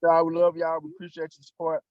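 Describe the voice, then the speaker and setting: A man's voice: fairly high pitch, monotone, fast talker, no room sound, lo-fi sound. A man co-hosting a live podcast, bantering and cursing in a joking way. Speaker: podcast co-host. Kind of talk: casual live-stream chat.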